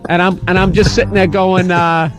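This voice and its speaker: A man's voice: high-pitched, normal speed, over music. A man in his forties, a comedian guest on a radio show, telling a story in casual chat and acting out the people in it. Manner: animated, acts out the other people in his story. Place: radio studio.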